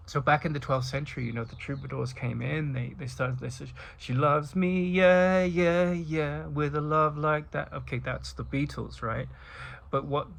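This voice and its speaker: A man's voice: mid-range voice, gravelly, slight background noise. A middle-aged man giving a reflective, rambling monologue as host of a spiritual talk, with many restarts and asides.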